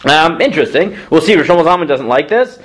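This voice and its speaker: A man's voice: a little high, lively intonation, a little fast, a bit bright. A man, a rabbi, giving a lecture on Jewish law in a classroom. He reads sources aloud, explains them in English and puts questions to his students.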